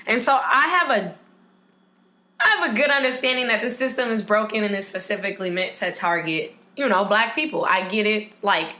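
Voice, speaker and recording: Podcast co-host, woman, 20s, bright and sharp tone, profane and blunt. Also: medium pitch. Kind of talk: casual chat.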